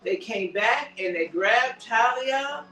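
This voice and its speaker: A man with a notably high voice recaps a TV episode in casual chat, telling the scenes with animated drama. He sounds a little far from the mic in a roomy space. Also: slow. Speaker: co-host.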